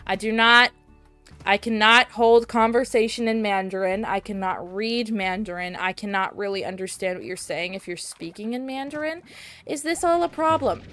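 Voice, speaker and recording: A woman's voice: mid-range voice, normal speed, a bit bright, no room sound, soft background music. A young woman streaming a video game, chatting casually and rambling, with sudden squeals at the game. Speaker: VTuber streamer. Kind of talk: casual gameplay chat.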